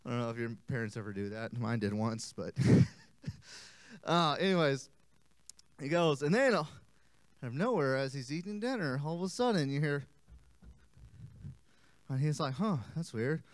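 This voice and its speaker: A man teaching a children's church lesson as animated, playful storytelling, joking and interrupting himself. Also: fairly high pitch, normal speed, pauses often, dry recording. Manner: playful, self-interrupting, jokey.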